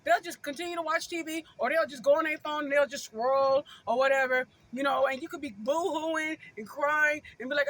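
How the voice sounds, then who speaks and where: A woman's voice: high voice, brisk, fairly bright tone. A woman vlogger giving casual relationship advice straight to her viewers, informal and emphatic, repeating her points again and again. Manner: emphatic and repetitive, hammering points home; informal, conversational, addresses viewers directly.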